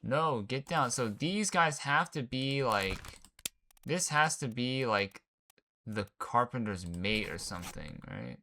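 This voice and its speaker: A man's voice: mid-range voice, animated, slow, sharp tone, slight background noise. A man giving casual gameplay commentary, thinking aloud in laid-back slang as he puzzles things out. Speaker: gaming channel host. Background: game music.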